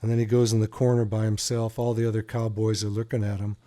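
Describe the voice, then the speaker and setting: A man's voice: fairly low pitch, completely flat delivery, quick pace, warm tone. A man hosting a talk radio show, joking and telling stories in a casual, playful way. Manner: playful, joking, teasing his co-host. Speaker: radio show host, doctor.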